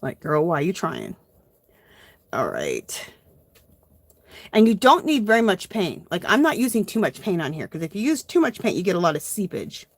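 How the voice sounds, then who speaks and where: A woman hosting a casual livestream art tutorial, chatting easily to her viewers as she works. She talks in a friendly, upbeat way at a medium pitch. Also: huge pitch swings, normal speed, no room sound. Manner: chatty, addresses viewers as "you guys". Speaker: art journaling host.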